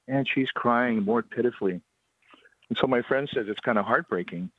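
A man, a ghost tour guide telling a ghost story on a radio interview in a steady, unhurried way. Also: fairly low pitch, breathy edge, no room sound. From Hawaii. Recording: dry, tinny phone line.

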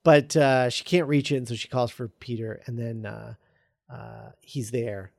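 A man casually retelling a film script as a podcast host, halting with lots of ums and uhs. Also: medium pitch, creaky, no room sound, studio quality. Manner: halting, full of ums and uhs, reads quoted lines flatly. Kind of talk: casual chat.

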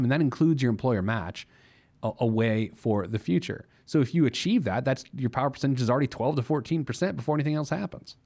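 Man, podcast host, casual money talk, playful, self-mocking, average pitch. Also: warm tone. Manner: playful, jokey, laughs at himself. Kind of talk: casual monologue.

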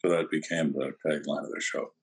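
An older man, a former detective, telling interrogation stories in a dry, deadpan way during an interview. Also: very deep voice, brisk, slightly rough. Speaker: retired detective guest. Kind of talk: storytelling interview answers.

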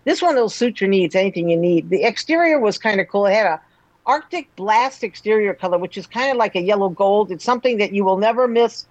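A woman's voice: mid-range voice, animated, brisk, no room sound, muffled recording. A woman co-hosting a car talk radio show, reviewing a vehicle in a matter-of-fact way. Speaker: automotive journalist, co-host.

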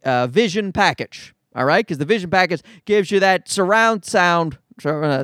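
Lively, profane man ranting. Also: sits high, no room sound, clean studio sound. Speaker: comedian. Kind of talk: casual monologue.

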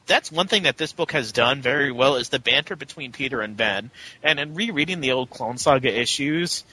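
A chatty man co-hosting a casual comic book podcast, his voice bright and forceful. He talks in a loose, animated way and slips into quick mock voices. A faint hiss of noise sits under the recording. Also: mid-range voice, poor audio. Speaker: podcast co-host.

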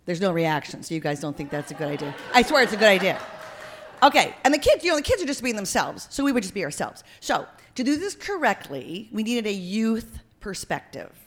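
A woman hosting a comedy podcast, animated and jokey in her banter. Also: medium pitch, brisk, a little hiss or hum. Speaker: host.

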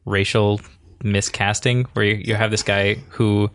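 A man's voice: on the low side, flat delivery, measured pace, fairly bright tone. A man talking casually as a podcast guest, chuckling as he retells favourite movie moments. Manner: amused, chuckling while he retells scenes.

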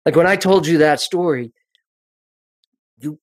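A man's voice: a little high, a little slow, pauses often, no echo, clean studio sound. A man coaching on presenting in a podcast interview, telling stories expressively and often restarting his sentences. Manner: expressive, animated storyteller with frequent restarts.

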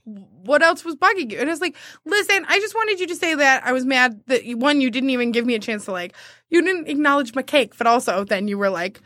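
A woman telling a story in casual chat, animated and laughing often as she acts out what people said. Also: high-pitched, fast talker, dry recording, studio quality.

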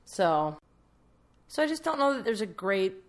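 A woman's voice: mid-range voice, very animated, unhurried. A young adult woman co-hosting a podcast, chatting casually and telling stories with lots of filler words. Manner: chatty storyteller, frequent "like" fillers. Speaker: podcast co-host. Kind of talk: casual chat.

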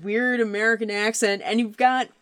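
A woman co-hosting a podcast in casual chat, excitable and laughing, often stumbling into restarts. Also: a little high, moderate pace. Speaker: podcast co-host.

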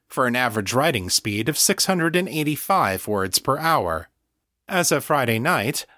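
Man calmly narrating an audiobook. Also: a little high, no echo, clean studio sound. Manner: calm, measured storytelling. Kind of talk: scripted narration.

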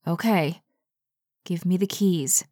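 A woman voicing a calm, practical young woman who takes charge. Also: on the low side, slow, no room sound, studio quality. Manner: calm and decisive.

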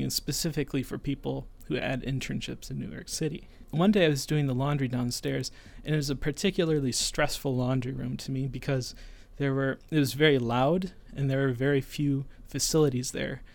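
A man in his twenties casually telling a personal story, animated and acting out the people in it. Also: medium pitch, gravelly. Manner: animated, voices others in retelling. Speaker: storyteller guest.

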